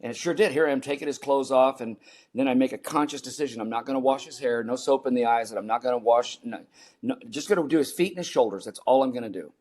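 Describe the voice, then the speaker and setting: A man's voice: medium pitch, fast, a little mellow. Man, 70s, interview guest; earnest storyteller, repeats for emphasis. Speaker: podcast guest.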